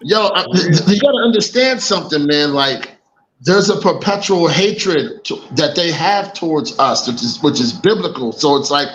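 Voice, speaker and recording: Brief: emphatic co-host, man with a slightly high voice, roomy echo. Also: normal speed. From Boston area. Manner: animated, emphatic, swearing, laughing often. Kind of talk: casual podcast chat.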